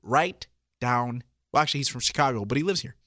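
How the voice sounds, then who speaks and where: A man co-hosting a casual wrestling podcast, chatty and excitable, quick to chime in and agree. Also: medium pitch, dry recording, studio quality. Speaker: podcast co-host.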